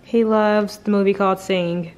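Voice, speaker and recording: A woman's voice: mid-range voice, fairly even intonation, moderate pace, a little mellow. A woman chatting casually in a family vlog, talking to her baby and the camera. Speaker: vlogger.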